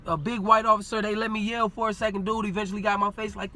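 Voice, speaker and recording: Animated high-voiced man telling a story. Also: quick pace, hardly any pauses, slight background noise. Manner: animated, acts out quoted dialogue, street slang. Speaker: podcast guest. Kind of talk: casual storytelling.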